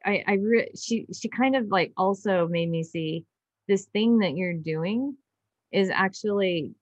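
A woman's voice: mid-range voice, a little slow, no room sound, dull audio. A woman guest on an interview podcast, telling a personal story in an earnest, emotional way, often restarting her sentences. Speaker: guest doctor.

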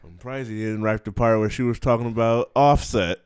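A man hosts a podcast in a loose, joking chat. His voice is smooth and clean at a middle pitch. He laughs a lot between his lines, and the sound is dry and close to the mic. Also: steady tone, a little fast, a little mellow, no room sound. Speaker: podcast host. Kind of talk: casual chat.

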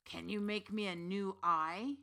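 A woman's voice: mid-range voice, steady tone, a little slow, vocal fry, bright, forceful tone, a little hiss or hum. A woman voicing a gaunt, one-eyed old female ogre who growls cruel threats. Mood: menacing.

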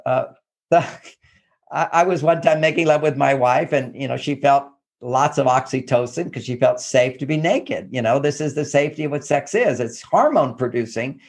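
A man giving relationship advice through lively personal anecdotes, acting out what people said. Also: medium pitch, moderate pace. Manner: animated storyteller who acts out quotes. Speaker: guest relationship expert.

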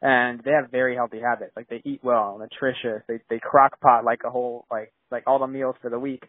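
A man's voice: mid-range voice, little pitch movement, a little fast, no echo. A young man from San Diego, a filmmaker guest, talking casually and rambling with lots of "like" and restarts. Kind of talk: casual interview chat. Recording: tinny phone-like line.

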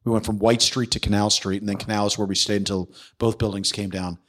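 A man's voice: lowish voice, little pitch movement, fast, a bit bright, a little hiss or hum. A man hosting a podcast, telling a story in casual conversation, acting out the voices he quotes and swearing freely. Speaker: podcast host.

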